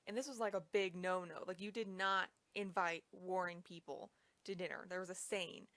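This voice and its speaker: A woman's voice: lowish voice, steady tone, moderate pace, fairly bright tone, dry recording. A young woman casually retelling a history story, chatty and full of fillers. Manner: chatty, lots of "like".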